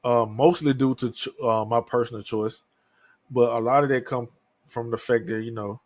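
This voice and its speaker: With no room sound in the recording, a solo podcast host in his thirties rambles candidly and swears often. His mid-range voice moves at a normal speed with fairly even intonation in this casual monologue.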